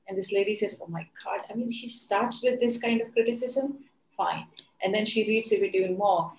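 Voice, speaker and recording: A woman's voice: medium pitch, moderate pace. A woman life coach telling an earnest motivational story, with many fillers, in an echoey room.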